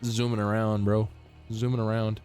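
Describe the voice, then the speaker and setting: A man's voice: lowish voice, level tone, moderate pace, darkish tone, smooth, faint music behind. A man casually commenting on his gameplay as a streamer, laid-back, swearing and talking to his chat.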